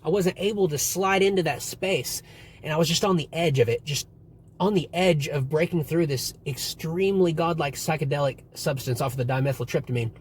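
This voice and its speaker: Fairly high-pitched and a touch fast, this young man's voice carries a faint hiss or hum. He's casually telling stories to camera, meandering, cursing a lot, and retelling events with plenty of animation.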